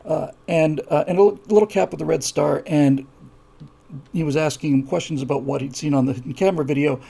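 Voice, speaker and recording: Speaking fairly quickly, a live show host with a gravelly, fairly high voice relates his story through many fillers and restarts. Quiet, low asides give way to heated moments where he repeats his point for emphasis.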